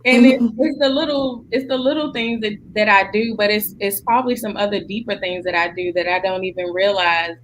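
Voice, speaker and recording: A woman's voice: mid-range voice, a little fast, few pauses, slight background noise, poor audio. A woman telling family anecdotes in a casual group chat, laughing through her stories. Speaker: guest, daughter.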